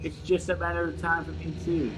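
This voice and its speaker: A man reading a note aloud in a put-on voice, playing a doomed young woman, slow and melodramatic. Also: sits high, expressive, fairly bright tone, a little hiss or hum. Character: doomed young woman writing a dying diary.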